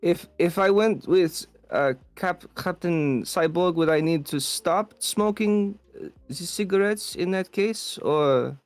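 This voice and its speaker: A man voicing a chain-smoking thirteen-year-old cyborg boy with a French accent, talking haltingly with many fillers. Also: sits high, soft background music. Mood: hesitant. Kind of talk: improvised comedy role-play.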